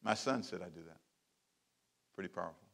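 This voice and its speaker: Preaching briskly in a low voice, a middle-aged male pastor hammers home repeated phrases while his volume rises and falls dramatically.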